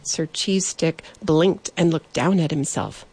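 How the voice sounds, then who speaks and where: A woman narrating a children's bedtime story in a gentle storytelling manner. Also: deep voice, slow, breathy edge, dry recording.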